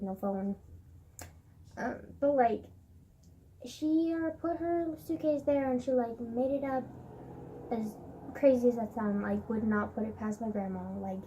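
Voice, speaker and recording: A woman's voice: on the high side, mellow, slight background noise. A teenage girl telling a rambling, casual story in a vlog, full of fillers, laughs and swearing. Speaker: vlogger.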